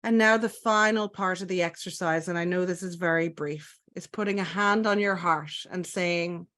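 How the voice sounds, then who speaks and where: A woman with an Irish accent guiding a self-compassion exercise in a gentle, soothing, unhurried way, speaking over a video call. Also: lowish voice, steady tone. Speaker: webinar presenter.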